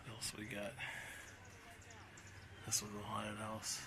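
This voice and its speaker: A man livestreaming casually outdoors in a backyard, talking in a rough, joking, swearing way. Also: fairly low pitch, completely flat delivery, takes it slowly. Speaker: streamer. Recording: loud outdoor background noise.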